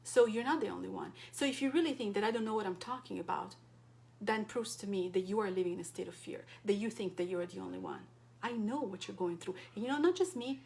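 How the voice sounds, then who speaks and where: A woman from Europe, a wellness coach, speaking directly and passionately to her support group, full of rhetorical questions. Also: on the high side. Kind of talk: impassioned direct-to-camera talk.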